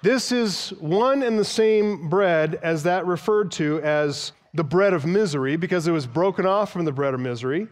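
A man's voice: on the high side, moderate pace, hardly any pauses, in a large hall. A man preaching an expository sermon, emphatic, explaining Greek words and quoting older writers. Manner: emphatic, explains Greek terms and cites sources. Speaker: pastor.

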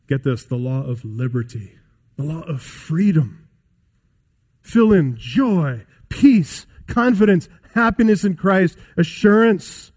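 Male pastor delivering a sermon, emphatic, poses rhetorical questions, voice a touch high. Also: expressive, takes it slowly, a little mellow, husky.

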